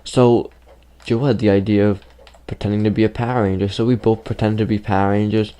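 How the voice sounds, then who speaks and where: A man's voice: fairly low pitch, little pitch movement, a little fast, warm tone, clear, resonant tone. A man casually telling a childhood story to his viewers in a loose, rambling way, leaning on "like" and "you know.".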